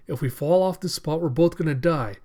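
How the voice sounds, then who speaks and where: A brash, happy-go-lucky young pirate, shouting his lines with quick excitement. A man reads him out in a casual manga recap, lifting his own voice a little. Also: a little high, voice pushed up. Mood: excited. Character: brash young pirate hero, cheerful and reckless.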